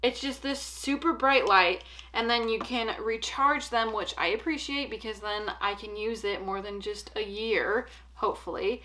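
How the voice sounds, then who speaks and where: Young woman, pet vlogger, casual unboxing chat, bright tone, slightly high voice. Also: moderate pace, hardly any pauses. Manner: chatty and upbeat, with frequent "like" and "um". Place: home, indoors.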